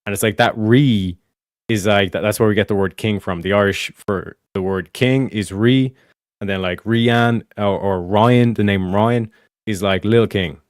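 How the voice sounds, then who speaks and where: Swearing freely and repeating "do you know what I mean," a man explains things on stream in a loose, wandering way full of repeated asides. His voice is on the low side, steady and measured, recorded in clean studio sound with no room sound.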